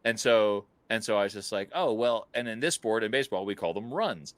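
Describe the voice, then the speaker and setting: A man co-hosting a podcast, telling a travel story in a casual, animated way, full of fillers and laughs. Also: on the low side, a little fast, dry recording. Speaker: podcast co-host.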